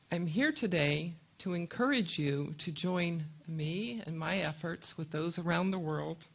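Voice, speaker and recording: A woman's voice: sits low, creaky. A woman giving a prepared advocacy speech at a conference, emphatic and declamatory. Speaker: conference speaker. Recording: dull muffled audio.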